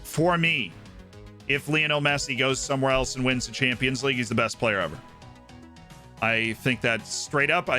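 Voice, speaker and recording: A man's voice: mid-range voice, sharp tone. A man streaming live, rambling through his opinions in casual chat and often checking in with "right?".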